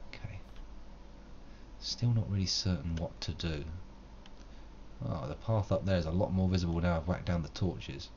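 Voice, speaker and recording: Deep-voiced rambling man gaming. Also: normal speed, long pauses, a little mellow, dull audio, a little hiss or hum. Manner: rambling, wordy and self-mocking, with old-fashioned flourishes. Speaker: game streamer. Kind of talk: live gameplay commentary.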